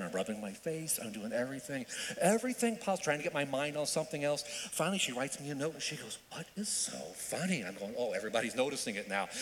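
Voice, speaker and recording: A male minister preaching a sermon in an animated way, with joking asides and repeated phrases for emphasis. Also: fairly high pitch, slight background noise. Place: church sanctuary. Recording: long church reverb.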